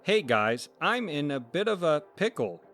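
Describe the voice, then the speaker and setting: A man voicing an injured man with a sinister grin who speaks in a falsely casual, hesitant way, higher than his own voice. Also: big pitch swings, unhurried, a bit bright, faint music behind, heavily acted. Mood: creepy casual. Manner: folksy, hesitant.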